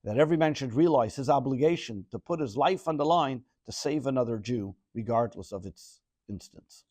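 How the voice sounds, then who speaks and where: A man's voice: mid-range voice, animated, fairly quick, a little mellow, no room sound. Man teaching verse by verse, dry close sound. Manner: reads Hebrew phrases then translates, explains with Rashi. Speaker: Torah teacher. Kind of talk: verse-by-verse Torah class.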